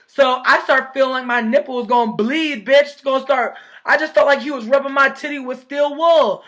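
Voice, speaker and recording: A woman vlogger telling a storytime in a casual, animated, profane way, acting out quoted voices. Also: sits high, normal speed, hardly any pauses.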